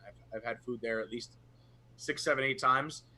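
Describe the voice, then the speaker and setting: Bright, animated man chatting. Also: medium pitch, normal speed. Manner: animated, rambling enthusiasm. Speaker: podcast co-host. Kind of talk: casual chat.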